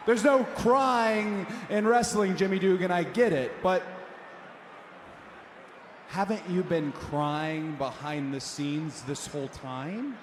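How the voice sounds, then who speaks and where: A man cutting a mocking, sarcastic wrestling promo at a rival, bursting into shouts. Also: high-pitched. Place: large arena. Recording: echoey arena with long reverb, faint crowd noise.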